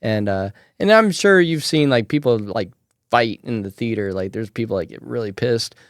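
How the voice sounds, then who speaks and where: A podcast host tells stories in a casual, animated way, acting out the people in them and swearing now and then. He has a medium-pitched voice at normal speed, recorded with clean studio sound and no room sound.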